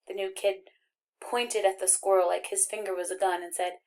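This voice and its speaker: A woman reading a first-person novel aloud as an audiobook narrator, with expressive, wry storytelling. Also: mid-range voice, moderate pace.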